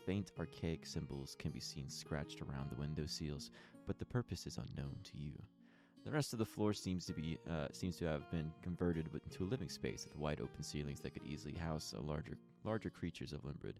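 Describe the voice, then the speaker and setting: Deep-voiced game master narrating a tabletop scene, casual, filler-heavy. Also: male voice, fairly quick, over music. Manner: descriptive scene-setting with frequent fillers.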